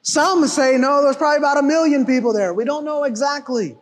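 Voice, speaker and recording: A man preaching a sermon with an animated, emphatic delivery that often rises to shouting. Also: very high voice, brisk, big-room sound. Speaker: pastor.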